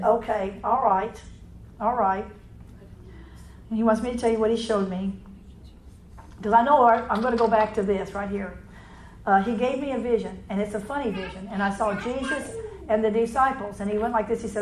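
A woman preaching a charismatic sermon in fast, run-on talk, clearing her throat and restarting often. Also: mid-range voice, fairly even intonation, reverberant, a little hiss or hum, rough recording.

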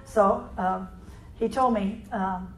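A woman preaching a charismatic sermon in fast, run-on talk, clearing her throat and restarting often. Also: mid-range voice, fairly even intonation, reverberant, slight background noise, low-quality recording.

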